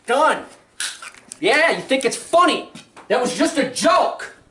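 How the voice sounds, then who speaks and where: A man angrily ranting and swearing in his house while shouting at his family. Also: very high-pitched, very animated, slow. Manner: angry, swearing, shouting in a rant. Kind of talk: casual ranting. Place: inside a house. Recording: echoey, noisy home video recording.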